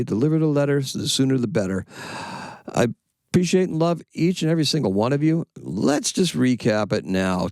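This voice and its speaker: A man with a gravelly, fry-edged voice talks through a casual astrology report, swinging his pitch up and down as he rambles. He corrects himself with playful asides. The sound is dry and close, with no room around it. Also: darkish tone, no echo. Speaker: astrology channel host.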